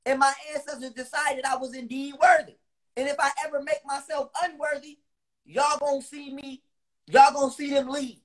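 A man delivering a heated, profane monologue to his viewers. He repeats lines for emphasis, with loud bursts between lower, quieter stretches. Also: little pitch movement, moderate pace. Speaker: online speaker.

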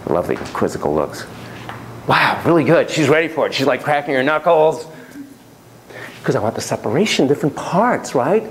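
A male lecturer teaching child psychotherapy to a classroom, his delivery animated and shifting between hushed, low-pitched asides and emphatic bursts. He talks in a mid-range voice and often repeats his phrases for effect. A faint background hiss sits under the recording. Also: normal speed, poor audio. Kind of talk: classroom lecture with a volunteer demonstration.

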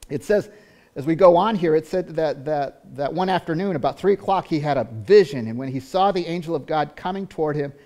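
An earnest male pastor delivers a sermon, frequently repeating words and starting over, alternating between loud passages and quiet ones. His voice sits on the higher side, and he speaks expressively at a brisk pace.

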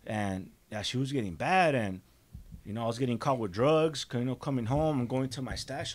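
A man's voice: mid-range voice, brisk. A young adult man, a podcast guest, casually telling his life story in street slang with frequent restarts and bits of Spanish.

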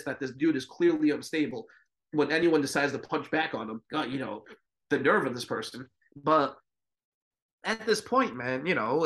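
A man whose voice is on the high side and a bit bright co-hosts a boxing podcast. His casual chat is laid-back, profane and full of filler words.

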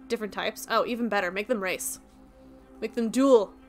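A woman's voice: medium pitch, faint music behind. A young woman streaming a game, chatting casually and laughing as she riffs on her viewers' jokes. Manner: chatty, giggly, quick to riff on jokes.

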